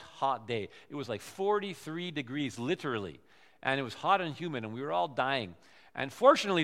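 A middle-aged man preaching as a visiting missionary at a church service, telling stories in an animated, emphatic way. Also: medium pitch, in a large hall. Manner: animated storytelling, loud emphatic swings. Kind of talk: sermon.

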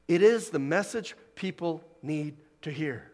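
A man preaching a sermon, swinging from loud emphatic declarations to hushed, near-whispered lines. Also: on the high side, expressive, measured pace. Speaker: pastor. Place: church hall. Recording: long hall reverb.

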